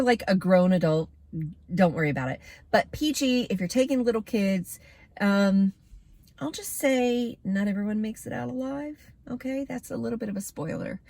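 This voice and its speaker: A woman's voice: medium pitch, a little mellow, no room sound. A woman giving a casual, candid movie review to camera, chatty with plenty of fillers.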